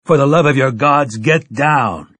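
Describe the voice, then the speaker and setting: A man doing a hardened gunslinger from an audiobook, barking short commands in a husky, mid-pitched voice. It sits close and dry, with no room around it. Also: expressive, a little fast, dry recording. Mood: urgent commands. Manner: bellowed commands.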